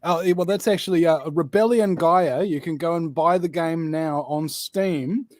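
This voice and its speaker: A man's voice: on the high side, moderate pace, darkish tone, dry recording. Chatty man with a dry close sound. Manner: jokey, rambling, laughs at own jokes. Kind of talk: casual chat.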